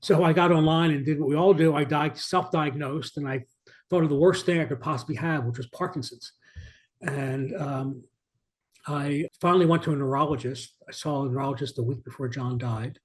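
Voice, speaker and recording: A man's voice: a little high, moderate pace. Earnest man telling a story. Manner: earnest, many restarts, varied emphasis. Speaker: author and guest. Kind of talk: reflective storytelling in an interview.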